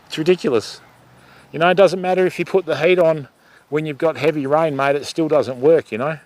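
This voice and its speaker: A man's voice: a little high, steady tone, a little fast, a little mellow, no echo. A middle-aged Australian man hosting a fishing livestream outdoors by a river, chatting casually with viewers and calling them mate. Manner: chatty, calls viewers mate and lovey, rambling asides. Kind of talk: casual live chat with viewers.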